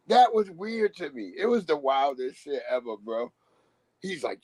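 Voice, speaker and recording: A man's voice: a little high, lively intonation, normal speed, a little mellow, no room sound. A man hosting a live stream, rambling in casual street slang and laughing as he talks.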